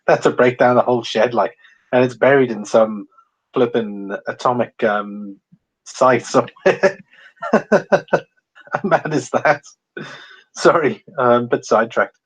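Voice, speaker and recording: A man's voice: mid-range voice, takes it slowly, long pauses, slightly rough, poor audio. A man from England hosting a precious metals livestream, chatting casually with many ums and reading out viewer comments. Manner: rambling, many ums, chuckles often.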